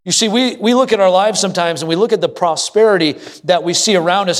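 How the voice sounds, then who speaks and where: A man's voice: high-pitched, quick pace, hardly any pauses. A middle-aged man preaching a sermon as pastor, telling folksy family stories and asking the congregation questions. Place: church sanctuary. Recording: long hall reverb.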